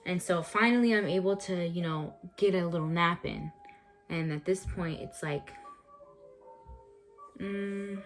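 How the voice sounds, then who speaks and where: A woman's voice: lowish voice, measured pace, pauses often, faint music behind. A young woman in a home vlog, recounting a personal story in a chatty, emphatic way and repeating words for effect. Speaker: vlogger.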